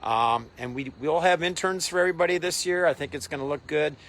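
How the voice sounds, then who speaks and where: A man's voice: on the high side, a little fast, fairly bright tone. A man co-hosting a gardening show, friendly and easygoing. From Minnesota. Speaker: co-host, master gardener. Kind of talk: casual educational chat. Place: outdoor garden.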